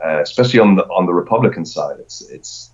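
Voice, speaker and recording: A middle-aged man speaks in a very low register, chatting loosely and circling back over his own words as he goes. The recording sounds dull and lo-fi. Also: expressive, fast talker. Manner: rambling, with frequent repeated words and restarts. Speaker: podcast guest. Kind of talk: casual conversation.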